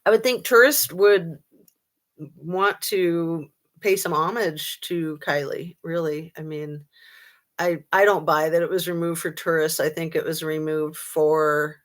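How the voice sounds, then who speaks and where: A woman's voice: sits low, fairly even intonation, a little slow. A woman hosting a casual true-crime livestream, chatting and reading viewer comments with lots of ums and a sarcastic streak.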